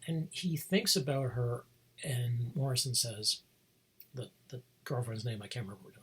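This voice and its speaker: A vlog host rambles through a casual monologue with a very breathy, husky voice. The pitch sits mid-range, and the talk wanders with restarts and chuckles. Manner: meandering, many fillers and restarts, chuckles often.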